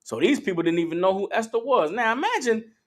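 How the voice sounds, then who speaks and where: A man's voice: high-pitched, animated, fast. A man teaching scripture, emphatic and profane, checking in with his listeners. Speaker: Bible teacher. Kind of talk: call-and-response scripture teaching.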